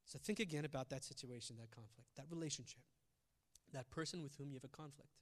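A male pastor giving a conversational sermon, shifting between loud emphasis and quiet reflective asides. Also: mid-range voice, quick pace, long reverb tail.

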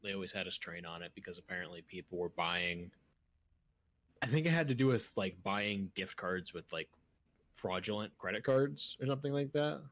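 A man's voice: low voice, lively intonation, moderate pace, fairly bright tone. A young man co-hosting a casual podcast, rambling and trailing off mid-thought with frequent laughs. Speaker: podcast co-host.

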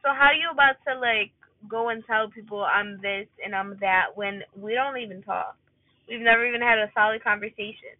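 A young woman vlogger vents casually about her love life and a coworker, rambling and exasperated, with plenty of fillers. Her medium-pitched voice comes through a dry, tinny, phone-like recording.

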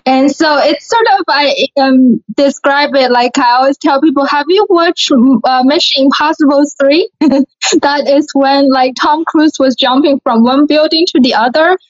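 A young woman from China with a Chinese accent, talking earnestly and brightly as an interview guest. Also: high voice, steady tone, normal speed. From Shanghai, China. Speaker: guest, beauty pageant winner. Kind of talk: casual interview talk. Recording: lo-fi recording.

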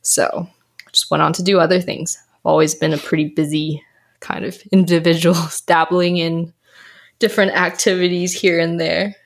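Young female health coach guest, animated storyteller, lowish voice, casual interview. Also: normal speed, creaky. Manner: animated storyteller, acts out quotes in a higher voice.

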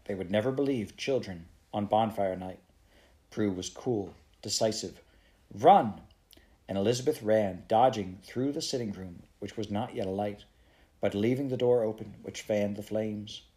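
A man reading a children's novel aloud in a steady storytelling manner. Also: lowish voice, normal speed. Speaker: audiobook reader.

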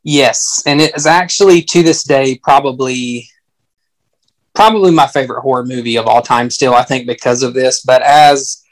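A man's voice: medium pitch, normal speed, poor audio. Easygoing man with a Southern US accent. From Southern United States. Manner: easygoing, dry joking asides. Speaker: podcast guest. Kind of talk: casual interview chat.

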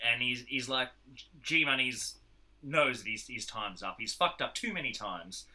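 A man tells a film's story to his friends in loose, casual chat. His voice is very bright and forward, and he jumps into quick acted-out quotes as he goes. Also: mid-range voice. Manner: animated retelling with acted-out quotes. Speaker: podcast host recapping a film.

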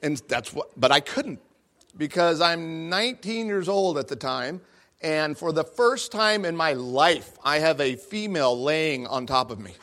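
Here the middle-aged guest's voice sits a little high, fairly bright and expressive, at a measured pace. Before a live crowd in a large room, he delivers a self-deprecating funny story, voicing each character himself.

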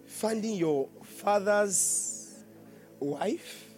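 A man's voice: sits high, drawn-out words, a little mellow, soft background music. A man with a Nigerian accent preaching a sermon as pastor, joking and laughing often and asking the congregation questions.

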